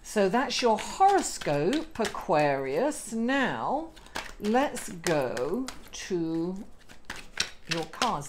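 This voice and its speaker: A woman's voice: mid-range voice, big pitch swings, very slow, noisy background. A woman reading tarot cards in a chatty way, laughing at herself now and then. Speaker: astrologer and tarot reader. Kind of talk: casual tarot reading to camera.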